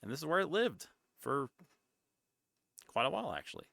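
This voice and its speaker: A male streamer chats in a rambling, gravelly voice that swings widely in pitch. He keeps cutting himself off, slips now and then into hushed asides, and the sound is close and dry. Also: very animated, moderate pace, no echo. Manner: rambling, self-interrupting and chatty. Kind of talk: casual chat.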